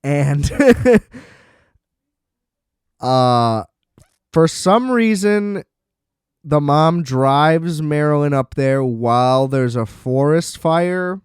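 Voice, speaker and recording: A man's voice: on the high side, slow, clean tone, dry recording, studio quality. A man hosting a podcast, ranting sarcastically about a film, exasperated and laughing often. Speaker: podcast host. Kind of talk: casual rant review.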